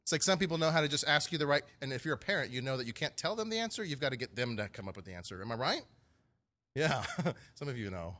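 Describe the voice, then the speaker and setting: A man preaching a sermon in an animated way, often acting out quotes in playful voices. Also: medium pitch, fast. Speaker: pastor.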